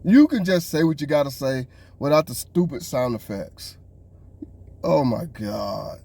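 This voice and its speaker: Exasperated man ranting, lively pitch. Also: unhurried, vocal fry. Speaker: podcast co-host. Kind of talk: casual reaction commentary.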